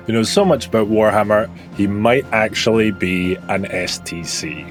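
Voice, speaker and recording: A man's voice: on the low side, measured pace, soft background music. A man hosting a podcast in casual comedic chat, jokey, laughing often and swearing casually. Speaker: podcast host.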